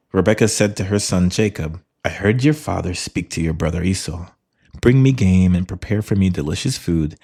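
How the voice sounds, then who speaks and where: A man co-hosting a podcast, reading a Bible passage aloud in a measured way, then chatting about it with lively asides. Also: low-pitched, breathy edge. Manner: measured scripture reading, then animated chat. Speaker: podcast co-host. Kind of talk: Bible reading and casual discussion.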